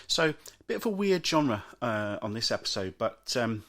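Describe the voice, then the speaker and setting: A man's voice: mid-range voice, big pitch swings, normal speed, a bit bright. A British man hosting a solo podcast, chatting and ranting about everyday moans. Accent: British English. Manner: chatty ranting, mocks moaners in put-on voices. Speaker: podcast host.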